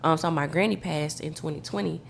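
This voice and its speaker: A woman with a Memphis accent, a guest talking in a relaxed, slangy way with many fillers. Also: low voice, a little fast, vocal fry, slight background noise. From Memphis, Tennessee. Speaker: guest, studio owner. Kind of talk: casual interview chat.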